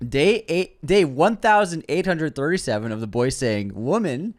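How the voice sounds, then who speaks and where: A man's voice: a little high, animated, moderate pace. A man co-hosting a movie podcast, reading listener comments aloud in casual chat and laughing often. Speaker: podcast co-host.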